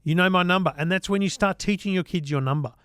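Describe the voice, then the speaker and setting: A chatty Australian man co-hosts a tech podcast, his voice sitting high for a man. He rattles through lists of points in a casual, easy way. The sound is dry and close to the mic. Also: quick pace, a bit bright, clear, resonant tone, no room sound. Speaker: podcast co-host. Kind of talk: casual tech chat and read ad.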